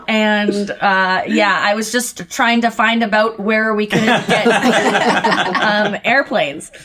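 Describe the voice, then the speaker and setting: A woman's voice: medium pitch, takes it slowly, a loud crowd. A woman hosting a podcast in casual chat, telling stories with lots of animation, acting out what people said and laughing as she talks. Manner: animated storytelling, acts out people's lines; laughs often while talking. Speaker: podcast host.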